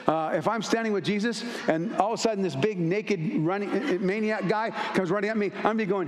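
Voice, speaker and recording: Emphatic high-voiced male pastor. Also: fast talker, hardly any pauses, a little hiss or hum. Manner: emphatic, storytelling with acted asides. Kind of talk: sermon. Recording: echoey church hall.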